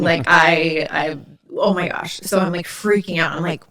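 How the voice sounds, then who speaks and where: A woman podcast host from Indiana tells stories in a loose, chatty way. She sprinkles "like" through her sentences. Her voice sits a little low for a woman. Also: steady tone, normal speed, pushed and bright. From Indiana, USA. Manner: chatty, lots of "like" fillers. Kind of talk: casual storytelling chat.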